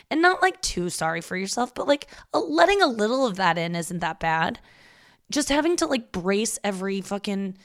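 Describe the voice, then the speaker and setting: A woman's voice: medium pitch, big pitch swings, moderate pace. A woman in her thirties hosting a podcast, talking candidly and rambling in a self-deprecating way, swearing freely. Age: 30s. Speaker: podcast host. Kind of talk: casual confessional monologue.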